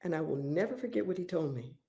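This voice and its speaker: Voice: medium pitch, lively intonation, quick pace, mellow. A pastor telling a story in a sermon, impassioned and repeating key phrases for emphasis.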